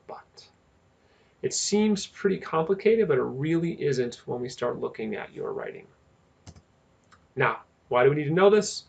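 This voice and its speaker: Man with a gravelly voice teaching grammar. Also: mid-range voice. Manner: slow, deliberate, stresses key terms. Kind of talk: grammar lesson narration.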